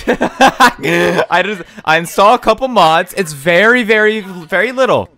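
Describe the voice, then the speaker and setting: A man doing let's play commentary, giggly and excitable, swearing often and cooing at a pet. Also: high-pitched, takes it slowly. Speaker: gaming YouTuber.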